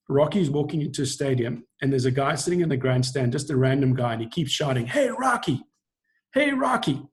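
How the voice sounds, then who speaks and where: A middle-aged man with a fairly high voice coaches a group over a video call. He explains in an earnest, teacherly way. He often slips into short acted-out lines to make his point. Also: darkish tone. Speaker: acting coach.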